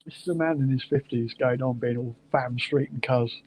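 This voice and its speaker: A man hosting a casual chat, agreeable and quick to answer with short yeahs. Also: mid-range voice, darkish tone, slight background noise, poor audio.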